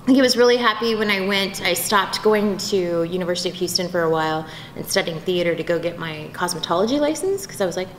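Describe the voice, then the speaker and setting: A woman voice actress telling stories in a convention interview, bubbly and animated, slipping into quick impressions. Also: fairly low pitch. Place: convention venue. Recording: echoey convention room, faint background noise.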